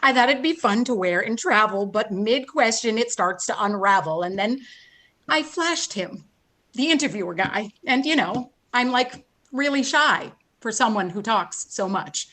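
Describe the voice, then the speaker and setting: Brief: woman as a rambling, anxious young American woman, slightly high voice, video call. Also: expressive, measured pace, a bit bright. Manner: rambling, self-deprecating, tearful. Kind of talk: live play reading.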